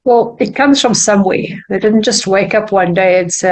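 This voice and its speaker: Female interview host, mid-pitched voice, affirming short replies, casual. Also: moderate pace, darkish tone, low-quality recording.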